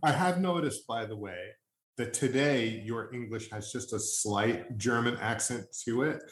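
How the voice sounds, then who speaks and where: A man's voice: mid-range voice, unhurried, echoey room. A man from Long Island interviewing a guest in a casual chat. He rambles with fillers and restarts. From Long Island, New York.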